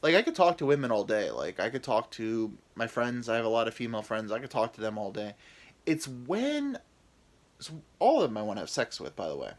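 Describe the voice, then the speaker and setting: A man's voice: mid-range voice, very animated, fairly quick. A man in his thirties hosting a podcast, telling rambling, self-deprecating comic stories about his anxiety with women. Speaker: podcast host. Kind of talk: rambling comedic storytelling.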